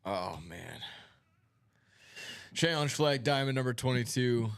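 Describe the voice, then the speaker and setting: A man's voice: medium pitch, expressive, slow, creaky, smooth, dry recording. A man hosting a live card-breaking stream from a studio break room, talking in upbeat, casual banter full of hype catchphrases. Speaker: card break livestream host.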